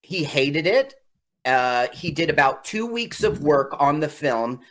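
A man's voice: on the high side, measured pace. A man co-hosting a casual talk show, retelling an old film's backstory and acting out the people in it. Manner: animated, acts out quotes in shifting voices. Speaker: podcast co-host. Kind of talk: casual chat recapping an old film.

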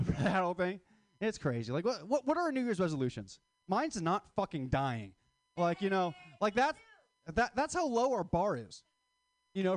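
A man's voice: sits high, no echo, studio quality. A man in his twenties doing a stand-up comedy set, crude, rambling and self-mocking. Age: 20s. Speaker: stand-up comic.

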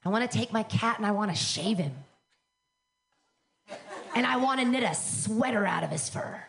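A woman's voice: a little high, lively intonation, moderate pace, vocal fry. A woman in her fifties doing a brash, bawdy, self-mocking stand-up set at a live comedy club. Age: 50s. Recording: live club, loud crowd.

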